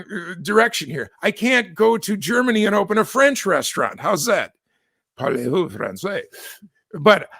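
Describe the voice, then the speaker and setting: A man's voice: on the high side, fairly bright tone, no echo, studio quality. An American man hosting a news commentary show, chatty and digressive, often correcting himself mid-sentence. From United States. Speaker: host.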